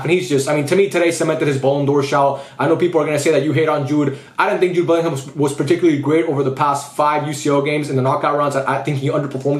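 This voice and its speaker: Fast-talking, fired-up football vlogger guy. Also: fairly high pitch, reverberant. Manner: frustrated, swearing, rambling with restarts. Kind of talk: post-match rant.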